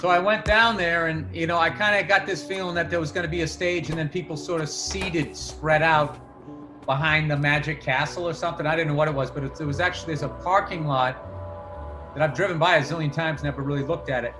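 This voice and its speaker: A man's voice: fairly high pitch, fairly even intonation, a little fast, music in the background. A man telling a long profane story in casual podcast chat, getting fired up as he rants. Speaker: podcast guest comedian.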